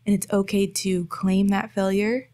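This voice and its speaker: Brief: young adult woman, mid-pitched, reflective podcast co-host, casual chat. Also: little pitch movement, measured pace, dark tone.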